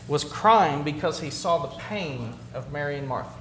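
Roomy, high-voiced man preaching a sermon. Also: a little slow, hardly any pauses, slight background noise. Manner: drops to a hushed low voice on key words, then builds up. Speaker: pastor. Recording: roomy, echoey hall.

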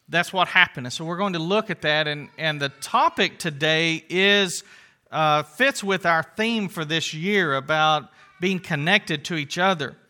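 A man with a slightly high voice preaches a sermon conversationally, retelling the story with lively asides to the congregation.

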